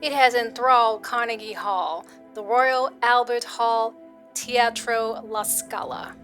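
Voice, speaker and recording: A woman's voice: a little high, steady tone, slow pace, fairly bright tone. A woman voicing a haughty old man with a Southern accent who guards a prized piano and lectures in a stern, refined way.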